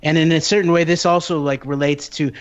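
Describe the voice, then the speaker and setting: A man's voice: fairly high pitch, fairly even intonation, brisk, smooth. A man in casual political talk who speaks in long winding sentences full of fillers. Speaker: podcast co-host. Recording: dull lo-fi audio.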